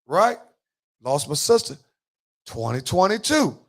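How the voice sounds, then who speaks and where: A man's voice: on the high side, expressive, moderate pace. Slangy DC man hosting a podcast. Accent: Washington DC. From Washington DC. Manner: slangy, emphatic storytelling with heavy street talk. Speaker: podcast host. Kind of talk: casual podcast talk.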